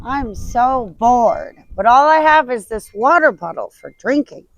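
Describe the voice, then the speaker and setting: A man putting on a high falsetto as a bored, excitable young woman in a homemade ad skit, gushing and breathless. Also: measured pace, dry recording, heavily acted, rough recording.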